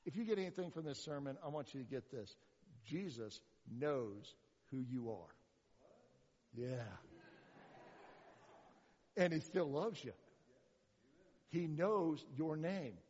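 A man preaching a sermon as pastor, animated, with rhetorical questions and sarcastic asides. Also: a little high, slow pace, pauses often, big-room sound, muffled recording.

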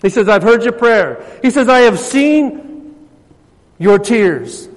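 High-voiced preacher man in a reverberant hall. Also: expressive, slow. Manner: swings between loud emphasis and soft, hushed passages. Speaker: pastor. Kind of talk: sermon.

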